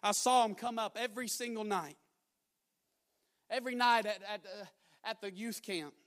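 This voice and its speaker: A young man preaching a sermon, telling a story and building to loud, emphatic exhortation. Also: high voice, normal speed.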